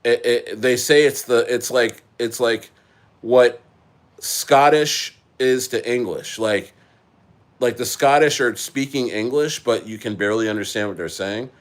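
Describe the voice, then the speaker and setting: A man hosting a casual crypto livestream, rambling with many halting restarts as he answers his chat. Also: medium pitch. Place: living in Chile.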